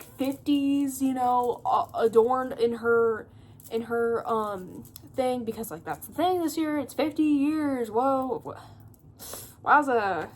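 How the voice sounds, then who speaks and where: A young woman at home giving a rambling, profane, casual book recap full of fillers and laughter. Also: a little high. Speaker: booktuber.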